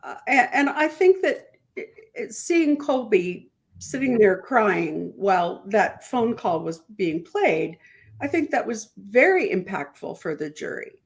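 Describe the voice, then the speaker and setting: A woman attorney giving measured legal commentary on a podcast, explaining with analogies and stumbling through restarts. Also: medium pitch, big pitch swings, vocal fry. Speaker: attorney guest.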